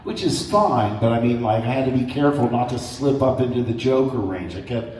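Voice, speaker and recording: A man speaking as a guest on a convention panel, telling stories in an animated way, acting out voices and laughing often. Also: mid-range voice, brisk. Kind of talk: anecdotal storytelling to an audience. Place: large convention hall. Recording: echoey hall from far off.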